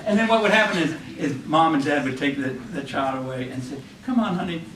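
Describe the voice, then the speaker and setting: A man's voice: a little high, expressive, brisk, echoey room, far from the mic, background noise. A man giving a classroom lecture, telling stories with many ums, restarts and false starts. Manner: rambling with frequent ums and restarts.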